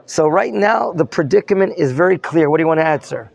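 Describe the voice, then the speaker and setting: Gravelly rabbi quizzing his class. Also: fairly high pitch, expressive, fast, dry recording. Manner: questions the students and prompts answers; mixes in Hebrew terms. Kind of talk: interactive Torah lesson.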